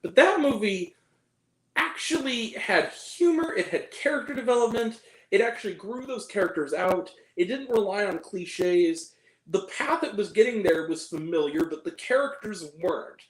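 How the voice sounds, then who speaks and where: A high-pitched man gives a casual, exasperated movie review. He jumps into mocking impressions of the characters, then back into his rant. His voice rings in a roomy, echoey space. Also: expressive, moderate pace. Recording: roomy echo.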